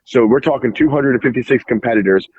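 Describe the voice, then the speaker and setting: A man guesting on a podcast, telling an animated story in casual speech full of "like" fillers and casual swearing. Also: medium pitch, fast, narrow, tinny audio, a little hiss or hum. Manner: animated, heavy "like" fillers, acts out quoted dialogue, swears casually. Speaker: podcast guest, jiu-jitsu referee.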